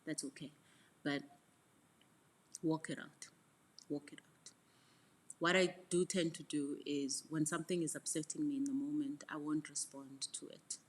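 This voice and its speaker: A middle-aged woman mentorship coach, giving a frank, reflective motivational talk with repeated words and soft asides. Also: low voice, steady tone, measured pace, pauses often, breathy edge.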